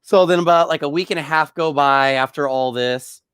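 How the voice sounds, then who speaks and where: A man's voice: on the high side, moderate pace, a bit bright, smooth, no room sound. Young male storyteller, raised voice, rambling and chuckly, dry close sound. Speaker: bartender. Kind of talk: casual storytelling.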